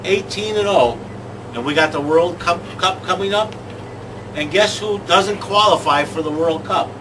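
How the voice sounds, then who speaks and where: A man hosting a comic sports show, talking in excitable rants. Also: high voice, measured pace. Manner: excitable, ranting. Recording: distant mic with clear background noise.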